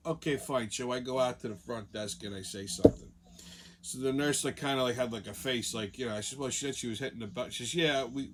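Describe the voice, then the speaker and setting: A man's voice: a little high, brisk, background noise. A man telling a long profane story in a casual rant, often acting out other people's lines. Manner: profane, animated, jumps into quoted voices. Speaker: show host.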